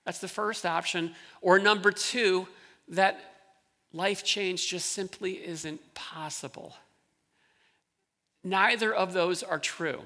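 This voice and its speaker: High, bright-voiced pastor in reverberant hall. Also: male voice, fairly even intonation, takes it slowly, long pauses. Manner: conversational preaching with verbal restarts. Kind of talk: sermon.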